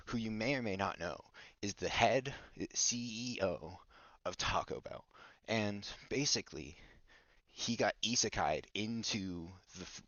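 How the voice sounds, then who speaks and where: Low-voiced goofy podcast host. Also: male voice, fairly bright tone, no room sound. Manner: goofy, rambling, mock-bossy toward his co-host. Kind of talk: casual rambling story recap. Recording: dull lo-fi dry recording.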